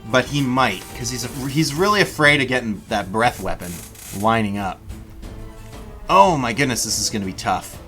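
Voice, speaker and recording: A man narrating a livestreamed tabletop battle as game master, in an animated, chatty way, talking directly to his viewers. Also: mid-range voice, normal speed, soft background music.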